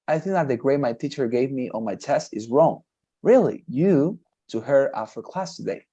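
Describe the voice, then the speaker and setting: A man's voice: mid-range voice, animated, mellow, breathy edge, muffled recording. Male English tutor, encouraging, patient explainer, mid-range voice. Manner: encouraging, repeats praise, explains slowly. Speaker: English teacher. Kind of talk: one-on-one online lesson.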